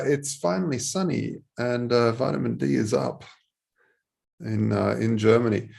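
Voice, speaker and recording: A man on a panel show, talking casually and relaxed with many fillers. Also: mid-range voice, measured pace, creaky. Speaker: panel guest.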